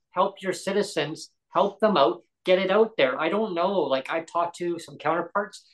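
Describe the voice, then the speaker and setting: A man's voice: sits high, fairly bright tone, low-quality recording. A man hosting a podcast roundtable, speaking emphatically and pleading, repeating words for stress. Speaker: podcast host. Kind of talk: heated podcast discussion.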